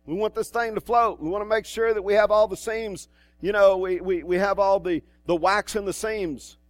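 A man's voice: high voice, steady tone, moderate pace, dry recording. A male pastor preaching a sermon in a church, in a conversational way with asides and restarts.

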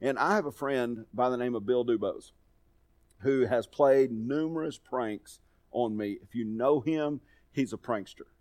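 A man's voice: medium pitch, unhurried, a little mellow. A middle-aged man preaching a sermon, telling folksy personal stories in a conversational way. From Texas. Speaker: pastor.

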